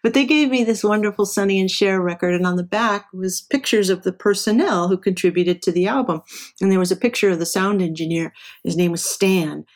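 A woman's voice: medium pitch, brisk. A middle-aged woman from Southern California, telling stories from her career as an interview guest. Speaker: interview guest, engineer and professor. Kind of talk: casual storytelling.

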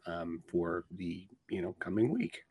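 A man co-hosting a casual podcast, easygoing and halting as he chats. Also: low voice, darkish tone, slightly rough. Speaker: podcast co-host. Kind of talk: casual chat.

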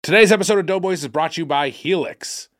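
A man's voice: high voice, fast. A man co-hosting a podcast, talking in a rambling, filler-heavy, self-deprecating way. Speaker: co-host. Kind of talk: casual podcast chat and host-read ad.

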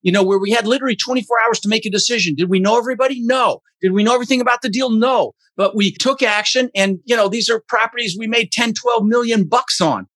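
A man's voice: sits high, fast, hardly any pauses, fairly bright tone, slightly rough, no echo. A man talking as an interview guest, emphatic and motivational, blunt and a little profane. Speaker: podcast guest, real estate investor. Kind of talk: energetic interview talk.

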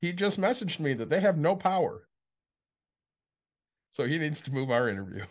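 A man's voice: fairly high pitch, big pitch swings, moderate pace. A man co-hosting a podcast in casual chat, blunt and swearing freely. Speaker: podcast co-host.

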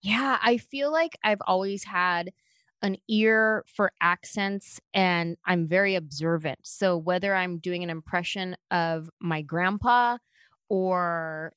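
Animated woman telling stories, dry sound. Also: fairly low pitch, clean tone, no room sound. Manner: expressive, slips into quick voices while telling stories. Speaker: comedian guest. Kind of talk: animated storytelling in conversation.

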